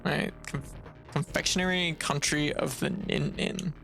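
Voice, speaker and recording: Gravelly, profane game streamer from Canada. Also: medium pitch, fairly even intonation, measured pace, a bit bright. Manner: profane, exasperated ranting with frequent laughs. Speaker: livestreamer. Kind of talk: casual gameplay commentary. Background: video game music.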